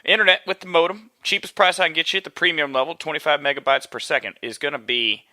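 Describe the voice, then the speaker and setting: Young male podcast host, bright, animated, profane storyteller, dry room. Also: fairly high pitch, fast, no echo. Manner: profane, animated, acts out phone calls in quoted voices. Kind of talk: casual ranting monologue. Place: apartment.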